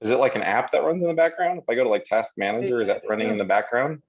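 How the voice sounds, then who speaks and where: A man with a gravelly, creaky voice at a middle pitch talks through a live question-and-answer stream. His delivery is chatty, rambling and self-deprecating. The computer-mic audio sounds a bit dull and lo-fi. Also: racing. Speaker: co-host of a live software Q&A show. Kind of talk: casual conversational livestream chat.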